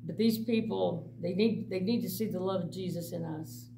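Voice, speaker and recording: A middle-aged woman with a gravelly, creaky voice tells blunt, animated stories to a church group and laughs often. She was recorded on a mic set some way off, with faint noise underneath. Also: fairly low pitch, normal speed, distant mic, low-quality recording. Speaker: mission director. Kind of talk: personal testimony to a church group.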